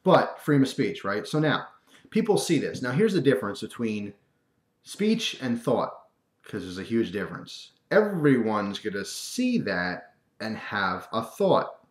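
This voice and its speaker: A man talking casually to camera in a rant, animated and wry, acting out quoted voices. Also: lowish voice, unhurried. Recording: echoey room.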